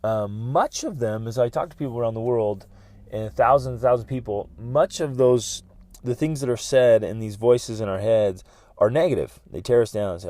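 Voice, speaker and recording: A man's voice: mid-range voice, fairly quick, a little mellow, dry recording. A middle-aged man hosting a motivational podcast, talking earnestly and often restarting his sentences. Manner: earnest, repeats words, many restarts. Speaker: podcast host.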